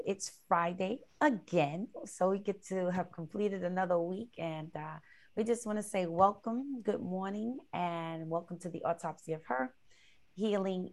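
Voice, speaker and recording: A woman hosting a casual podcast over a video call, upbeat and quick to laugh. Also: fairly low pitch. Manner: upbeat, laughs often, greets warmly. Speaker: podcast host.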